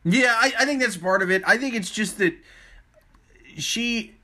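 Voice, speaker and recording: A man's voice: sits high, measured pace, bright, forceful tone. A young man in casual podcast chat, blunt and crude, joking as he talks.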